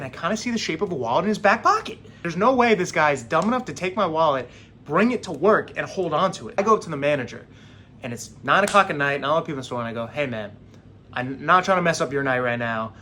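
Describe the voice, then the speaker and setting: A young man casually telling a story straight to camera, animated and acting out what others said. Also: on the high side, quick pace, a little hiss or hum. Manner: animated, acts out quoted voices.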